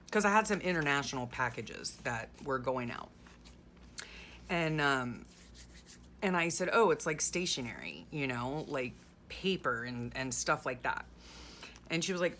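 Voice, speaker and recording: Chatty low-voiced woman crafting. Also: lively intonation, measured pace, fairly bright tone, a little hiss or hum. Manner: chatty, rambling, sarcastic asides. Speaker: journaling vlogger. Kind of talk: casual chat while crafting.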